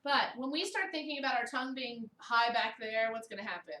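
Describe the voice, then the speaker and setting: An animated woman voice teacher in her thirties with a mid-Atlantic American accent leads a singing workshop, breaking off to sing sample vowels. Her voice sits fairly high. It is recorded from a distance in an echoey room with a faint hiss. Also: fairly quick. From Baltimore, USA. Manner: animated, demonstrative, models vowel sounds aloud. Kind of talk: vocal technique workshop.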